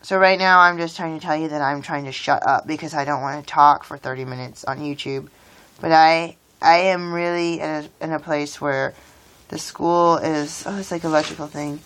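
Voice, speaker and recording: A woman's voice: low voice, steady tone, normal speed, a bit bright. A woman in her thirties rambling in a casual vlog while she builds with toy bricks. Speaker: vlogger.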